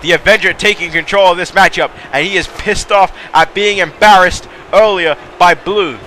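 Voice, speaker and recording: A man giving excitable, mildly profane play-by-play commentary on a wrestling video game. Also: sits high, normal speed, a little hiss or hum.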